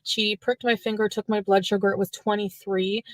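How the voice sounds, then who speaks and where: A woman's voice: medium pitch, little pitch movement, normal speed, no room sound. A woman from French Canada telling a long, rambling personal story in a chatty vlog style.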